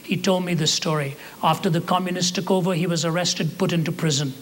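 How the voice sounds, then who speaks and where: A man in his seventies preaching a sermon, telling a story in a measured, earnest way and slowing down for emphasis. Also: fairly high pitch, steady tone.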